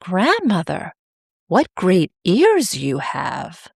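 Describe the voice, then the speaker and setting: A woman's voice: on the low side, huge pitch swings, extremely slow, vocal fry, breathy edge, no echo, studio quality, exaggerated voice. A woman voicing a trusting, innocent little girl who speaks openly. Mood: wondering. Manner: innocent and open.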